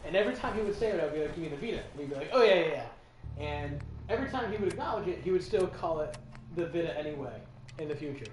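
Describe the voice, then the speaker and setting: A man's voice: fairly high pitch, racing. A man chatting casually over a game, telling stories with lots of laughter. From none, lived all over. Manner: animated storyteller, laughs often. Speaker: co-host of a gaming playthrough. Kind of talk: casual chat over gameplay. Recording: echoey room with background noise.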